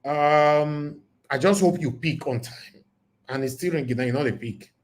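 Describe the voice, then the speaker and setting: A Nigerian man hosting a livestream call-in show, talking in an emphatic, preachy way and repeating himself, his voice going hoarse. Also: fairly high pitch, normal speed. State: losing his voice. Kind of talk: casual livestream talk with call-ins.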